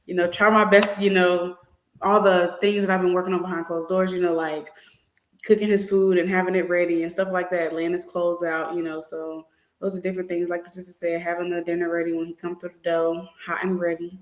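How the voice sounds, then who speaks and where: A young adult woman co-hosting a casual chat, lively and laughing often, with plenty of fillers. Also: lowish voice, fairly quick, echoey room, poor audio. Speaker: podcast co-host.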